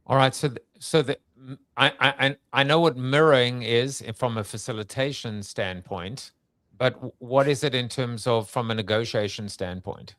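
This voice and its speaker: A man's voice: mid-range voice, moderate pace, a bit bright, no echo, clean studio sound. A man hosting a podcast interview, asking questions in a hesitant way, thinking aloud with many restarts. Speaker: podcast host. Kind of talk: conversational interview.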